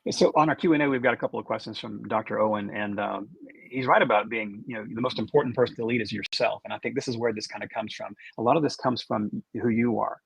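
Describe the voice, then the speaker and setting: A man's voice: fairly low pitch, quick pace, creaky, husky, dry recording, poor audio. A man moderating a conference talk and running the questions, speaking steadily with frequent restarts and ums. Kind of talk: conference talk over video.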